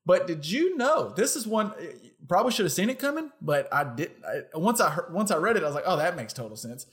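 A man with a slightly higher voice co-hosting a casual podcast. He rambles chattily, restarts his thoughts and laughs easily. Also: big pitch swings, fairly quick, fairly bright tone. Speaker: podcast co-host. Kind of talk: casual chat.

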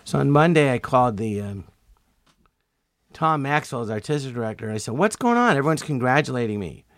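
Middle-aged comedian guest, animated storyteller, dry close mic, mid-range voice. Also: male voice, fairly quick, no room sound. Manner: animated, acts out quotes with jumps in pitch. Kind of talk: storytelling interview.

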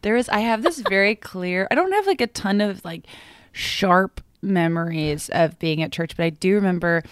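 A woman's voice: medium pitch, lively intonation, moderate pace, clean tone, no room sound, studio quality. A woman from Massachusetts, a comedian guest on a podcast, telling stories in a chatty, wry way. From Massachusetts, USA. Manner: chatty, wry, laughs often. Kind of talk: casual chat.

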